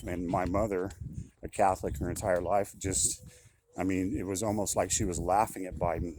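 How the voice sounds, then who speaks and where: A man's voice: low voice, fairly even intonation, normal speed, background noise. An older man talking casually in a monologue, often repeating himself and turning indignant. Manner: conversational, repetitive, indignant. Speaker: commentator.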